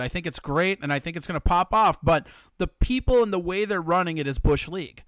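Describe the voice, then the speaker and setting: A man's voice: a little high, lively intonation, fairly quick, fairly bright tone, no echo. A man co-hosting a casual chat, blunt and opinionated and swearing freely.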